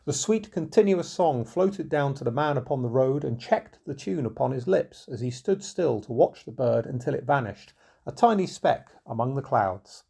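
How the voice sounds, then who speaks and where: A man narrating an old folk tale in a measured, unhurried storybook reading. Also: mid-range voice, expressive, gravelly, mellow, slightly rough.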